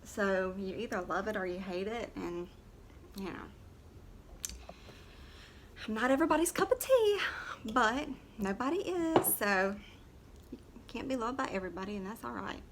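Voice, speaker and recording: A woman's voice: mid-range voice, animated, normal speed, pauses often, slight background noise. A woman, chatting in a rambling, blunt way while doing her makeup on camera. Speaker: makeup vlogger and nurse. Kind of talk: casual makeup tutorial chat.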